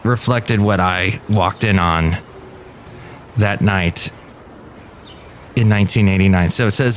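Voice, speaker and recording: A man's voice: lowish voice, slow, pauses often, slight background noise. Rambling middle-aged man telling a story. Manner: rambling anecdotal delivery with restarts and acted quotes. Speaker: podcast host. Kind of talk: casual storytelling.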